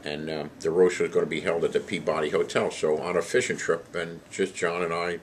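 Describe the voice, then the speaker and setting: A man's voice: low-pitched, little pitch movement, fairly quick, slight background noise. An older man telling a casual spoken anecdote, rambling with fillers and self-corrections. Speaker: storyteller recalling past trips.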